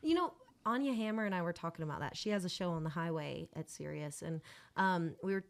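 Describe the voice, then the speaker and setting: A woman's voice: on the low side, animated, a little fast, vocal fry. A woman, a musician telling stories as a guest on a podcast in casual chat. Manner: chatty storyteller, talks with her hands.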